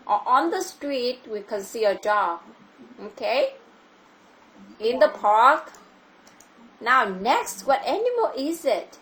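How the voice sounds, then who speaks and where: A woman with a Vietnamese accent teaches a child English over a video call, patiently repeating her questions. Her voice is fairly high-pitched with a fairly bright tone.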